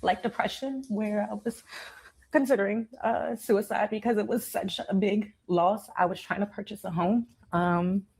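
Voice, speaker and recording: A woman's voice: mid-range voice, fairly even intonation, moderate pace, a little mellow, husky. A woman in a played clip recounting her situation, hesitant and emotional, with many ums. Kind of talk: personal account.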